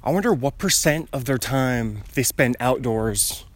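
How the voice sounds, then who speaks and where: A man's voice: medium pitch, lively intonation, unhurried. A young man talking casually to himself while walking outside, rambling from thought to thought and chuckling often. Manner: wandering, musing, chuckles often. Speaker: vlogger. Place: outdoors on a residential street, walking.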